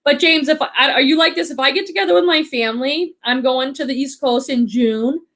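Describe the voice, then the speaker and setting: A woman's voice: high-pitched, a little fast, a bit bright. A woman from the Boston area with a slight Boston accent, hosting a casual livestream and chatting upbeat with viewers. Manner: chatty, upbeat, reads viewer comments aloud. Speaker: livestream host. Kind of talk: casual livestream chat reading comments.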